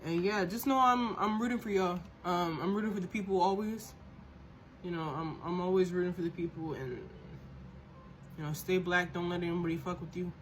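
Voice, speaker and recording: A woman's voice: lowish voice, fairly even intonation, fairly quick, slight background noise. A woman hosting a podcast, ranting in a heated, profane monologue and often repeating and restarting words as she gets worked up. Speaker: podcast host.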